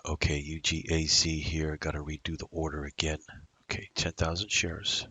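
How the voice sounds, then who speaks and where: A man's voice: rumbling low, flat delivery, moderate pace, sharp tone, breathy edge, dry recording. A man day trading at his computer, narrating his moves in a rambling, casual way full of fillers. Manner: rambling, muttering to himself with fillers. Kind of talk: casual live trading commentary.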